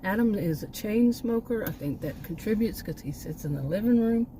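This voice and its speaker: A woman's voice: medium pitch, lively intonation, normal speed, background noise. An older woman rambling in a casual home vlog, cynical and often out of breath, with many restarts. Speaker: vlogger.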